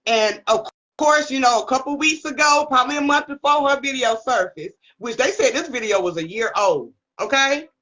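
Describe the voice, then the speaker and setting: A woman's voice: sits high, normal speed, fairly bright tone, muffled recording. A woman co-hosting a casual online chat, laughing often and tagging her points with "okay?". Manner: laughs a lot, keeps asking "okay?". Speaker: co-host.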